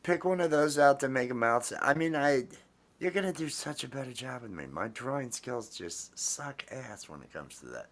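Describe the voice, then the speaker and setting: A man's voice: medium pitch, lively intonation, normal speed, fairly bright tone. A man hosting a casual chat, talking in a rambling, affectionate way with many fillers and restarts. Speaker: host.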